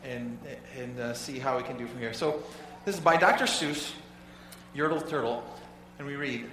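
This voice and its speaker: Halting pastor in an echoing sanctuary. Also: male voice, mid-range voice, sharp tone, slight background noise. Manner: conversational, halting, repeats words. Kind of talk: sermon. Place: church sanctuary. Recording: echoey hall, voice from far off.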